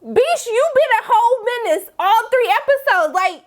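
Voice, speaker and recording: Sassy woman ranting about a tv episode, high voice swooping all over, acts out the characters. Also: very animated, normal speed, few pauses. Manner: sassy, dramatic, voices characters with big pitch jumps. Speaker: TV recap vlogger. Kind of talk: casual TV recap commentary.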